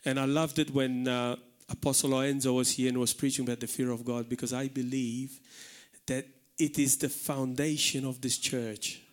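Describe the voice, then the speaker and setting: A man from Malta with a Maltese accent, preaching an animated sermon in a church hall. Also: mid-range voice, normal speed. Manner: animated preaching, shouting out acted warnings.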